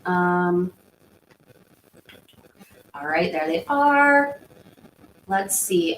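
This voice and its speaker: A woman's voice: on the low side, animated, very slow, pauses often, a bit bright. Chatty woman streaming from an echoey room. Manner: chatty, rambling, reads out and answers viewer comments. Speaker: livestream host. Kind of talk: casual livestream chat. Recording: echoey room with faint background hum.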